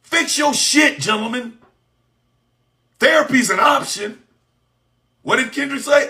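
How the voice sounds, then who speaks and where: A man delivering an impassioned, profane monologue, shouting in bursts and firing off mocking rhetorical questions. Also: very high voice, measured pace, vocal fry, long pauses.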